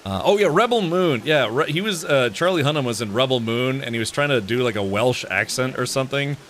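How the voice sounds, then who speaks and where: A man's voice: mid-range voice, expressive, a little fast, fairly bright tone, slight background noise. Rambling, chuckling male game streamer. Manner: rambling, laughs often, restarts sentences. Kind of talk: casual live-stream chat while gaming.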